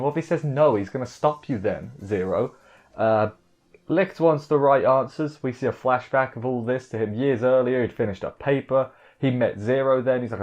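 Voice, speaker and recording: A man's voice: medium pitch, a little mellow. A man giving a casual, rambling recap of an anime episode, full of fillers and self-corrections. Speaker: anime reviewer. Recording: dull lo-fi audio with faint music.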